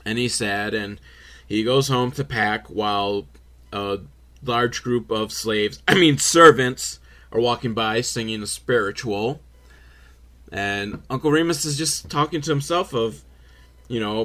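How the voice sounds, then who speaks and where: A young man recapping a film for laughs in an animated, swearing manner, slipping into voices for the characters. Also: on the low side, measured pace. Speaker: host reacting to a film.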